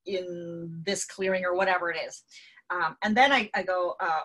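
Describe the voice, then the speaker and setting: Bright, husky-voiced woman teaching healing, loose and rambling with lots of "um"s. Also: on the low side, fairly even intonation, normal speed. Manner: rambling, many fillers and restarts. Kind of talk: casual spoken lesson.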